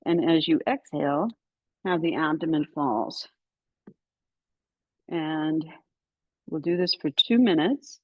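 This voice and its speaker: Low-voiced woman guiding breathing in a hall. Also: slow pace, pauses often, lo-fi sound. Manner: calm, soothing instruction with counted breaths. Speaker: yoga teacher. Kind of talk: guided breathing class. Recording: echoey hall with long reverb. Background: soft instrument tones.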